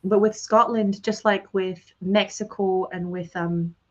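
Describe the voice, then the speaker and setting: A woman's voice: medium pitch, steady tone, unhurried, muffled recording. A woman hosting an interview, talking earnestly and chattily with many fillers over a video call. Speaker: host, course teacher. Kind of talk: conversational interview.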